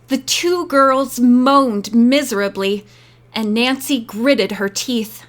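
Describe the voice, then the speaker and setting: Slow, high-voiced woman narrator. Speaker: audiobook narrator. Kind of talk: scripted narration.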